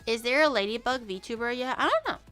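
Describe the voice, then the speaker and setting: Bright, giggly woman streamer. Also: on the high side, big pitch swings, a little fast, faint music behind. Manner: giggly, rambling, chatty with many restarts. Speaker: VTuber streamer. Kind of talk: casual live-stream chat.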